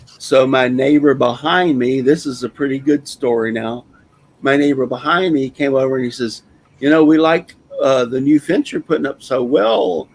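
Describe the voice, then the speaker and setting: An older man in his sixties with a gravelly, creaky voice that sits at an ordinary pitch. He hosts a casual talk show and tells a rambling, folksy story in a plainspoken way. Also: moderate pace, low-quality recording. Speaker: host.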